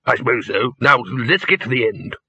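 A man's voice: medium pitch, animated, normal speed, pushed and bright, breathy edge, no echo, heavily acted. A man voicing a testy older male wizard who hisses impatiently, on a slightly dull recording. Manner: hissing, impatient.

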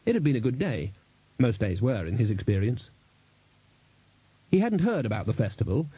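A man narrating an audiobook in a lively, expressive reading on a close studio mic. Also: mid-range voice, normal speed, breathy edge, dry recording, poor audio.

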